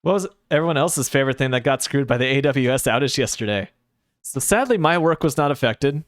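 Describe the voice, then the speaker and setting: A man streaming a game, chatting loosely and sleepily with his viewers at a mid pitch. He rambles from one thought to the next and tosses in dry, sarcastic asides. The sound is dry, with no room echo. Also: animated, brisk. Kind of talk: casual chat while gaming, answering chat.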